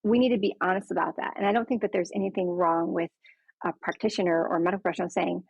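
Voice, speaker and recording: A woman's voice: on the low side, steady tone, rapid-fire, creaky, breathy edge, no echo. A woman frankly and earnestly telling her own story in a conversation, acting out the people she quotes. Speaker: patient sharing her story. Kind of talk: candid personal storytelling conversation. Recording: dull lo-fi dry sound.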